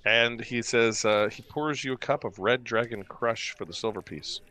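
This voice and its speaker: A man narrating as game master of a tabletop game, pausing often with fillers as he describes the scene. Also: mid-range voice, bright, forceful tone. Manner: hesitant, many fillers while describing the scene.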